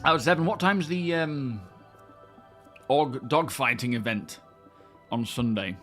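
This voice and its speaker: Chatty man, bright voice. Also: mid-range voice, slow, soft background music. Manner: chatty, greets viewers by name. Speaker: streamer. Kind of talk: casual live-stream chat.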